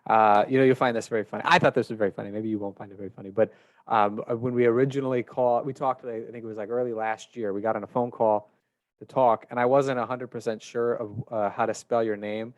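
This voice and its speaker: A man's voice: lowish voice, fairly even intonation, fast, no echo. A man hosting a podcast interview, chatting casually and laughing at his own jokes. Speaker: podcast host.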